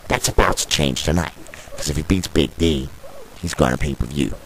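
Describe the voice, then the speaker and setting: Very deep-voiced excitable male commentator. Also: normal speed, gravelly, a little hiss or hum. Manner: opinionated, excitable, biased toward one wrestler, mock-fearful outbursts. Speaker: wrestling commentator. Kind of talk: play-by-play commentary of a video game wrestling show. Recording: music playing behind.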